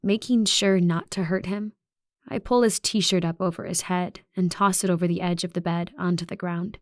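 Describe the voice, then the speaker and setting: A woman reading a first-person audiobook in a soft, intimate way, with quiet passages. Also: fairly low pitch, fairly even intonation, moderate pace, no room sound, studio quality. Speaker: audiobook narrator.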